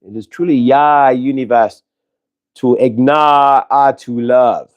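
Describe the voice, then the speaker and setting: A man channeling the spirit of an ascended master, speaking in slow, drawn-out affirmations. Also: medium pitch, muffled recording, natural voice. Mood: admonishing. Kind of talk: channeled message.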